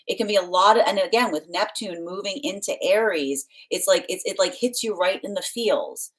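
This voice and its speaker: A woman's voice: mid-range voice, normal speed, poor audio. A woman hosting a live tarot reading stream, chatting casually, reading out viewer comments and laughing often, sometimes playfully stern and motherly. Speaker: tarot reader hosting a livestream. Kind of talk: casual livestream chat.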